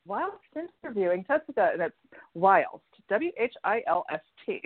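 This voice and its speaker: A woman's voice: a little high, big pitch swings, normal speed, dry recording. A woman talking in a casual radio chat as a guest, chatty and laughing often, acting out the lines she quotes. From United States. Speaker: guest, energy healer. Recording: tinny phone line, dry.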